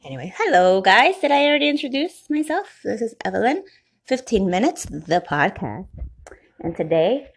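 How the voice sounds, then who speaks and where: A woman's voice: medium pitch, big pitch swings, normal speed, background noise. A young woman hosting a casual solo podcast, rambling and laughing as she talks. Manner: rambling, laughs often, shouts catchphrases. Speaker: podcast host.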